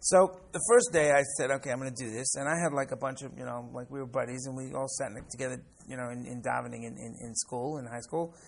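The recording carries a little hiss or hum as this medium-pitched man talks fast with vocal fry and few pauses. A rabbi in his sixties from the United States, he teaches a class by telling personal stories, repeating words and often asking "right?".

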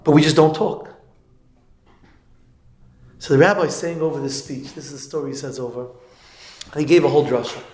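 A man giving a sermon, telling a story in an animated way. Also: medium pitch, quick pace. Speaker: religious speaker. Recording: echoey room.

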